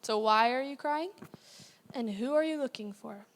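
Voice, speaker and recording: A woman's voice: fairly high pitch, normal speed. Woman preaching candidly in a reverberant hall. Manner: candid, conversational preaching with asides and self-corrections. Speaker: guest speaker. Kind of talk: sermon. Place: church sanctuary.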